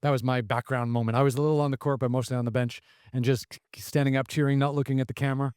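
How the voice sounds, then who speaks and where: A man's voice: medium pitch, little pitch movement, very fast, darkish tone, clear, resonant tone, no echo, studio quality. A man hosting a podcast interview, easygoing and chatty with short interjections. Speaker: podcast host. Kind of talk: casual interview chat.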